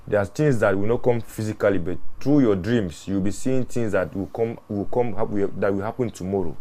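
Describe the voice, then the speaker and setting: A man, a mortuary worker telling his experiences in an interview, earnest and animated, often repeating words and restarting phrases. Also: lowish voice. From Ghana. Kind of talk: interview storytelling.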